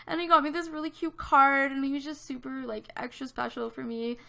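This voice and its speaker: A woman's voice: high-pitched, brisk, creaky, pushed and bright. A woman in her twenties from Canada, telling a story in casual chat over a gaming video, with lots of fillers. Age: 20s. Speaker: gaming vlogger.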